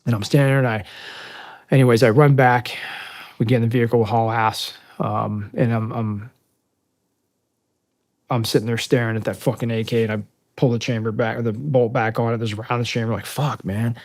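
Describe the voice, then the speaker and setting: A middle-aged man with a gravelly, creaky voice recounts a combat memory as a podcast guest. He talks in halting, profane bursts, and the story leaves him choked up and close to tears. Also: medium pitch, level tone, a little mellow. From United States. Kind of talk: emotional war story.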